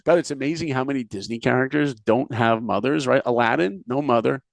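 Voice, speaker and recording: A man on a podcast, telling stories in an animated way, acting out characters' lines and quizzing the host. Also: mid-range voice, a little fast, gravelly, no echo. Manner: animated, acts out characters' lines, asks the listener questions. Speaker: podcast guest, speaker and filmmaker. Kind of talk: animated storytelling in conversation.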